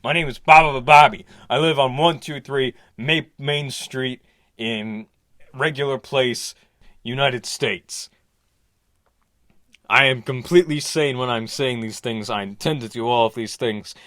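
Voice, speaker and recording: A man voicing a ten-year-old boy villain who rants threats slowly and deliberately. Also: mid-range voice, steady tone, fairly bright tone, no room sound, studio quality, pitched above the performer's own voice, lightly acted. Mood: menacing. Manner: slow, deliberate, ranting threats.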